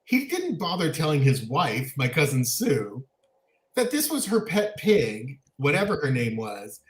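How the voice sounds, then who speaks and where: A man co-hosting a casual chat show, telling family stories in an animated way and laughing often. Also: medium pitch, unhurried, echoey room. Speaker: co-host.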